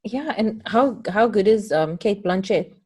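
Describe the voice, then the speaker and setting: A woman's voice: medium pitch, expressive, unhurried, warm tone, a little hiss or hum. A South African woman hosting a podcast in a casual, easygoing chat, laughing often. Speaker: podcast host.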